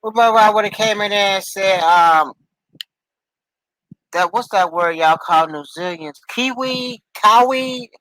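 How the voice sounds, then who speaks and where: A man with a high, bright voice talks casually to his stream chat. He jokes around and calls viewers by name. His voice comes through a headset mic, close and dry with no room sound. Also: steady tone, unhurried, long pauses, no room sound, poor audio. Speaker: live streamer chatting with viewers. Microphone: headphones with mic.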